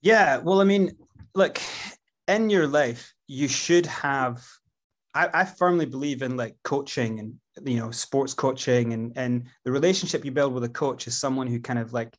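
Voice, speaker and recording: A man's voice: mid-range voice, moderate pace. A Scottish man in his thirties talking as a guest on an interview show. He tells his stories in a loose, rambling way, with plenty of fillers and restarts. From Scotland. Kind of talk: casual storytelling interview.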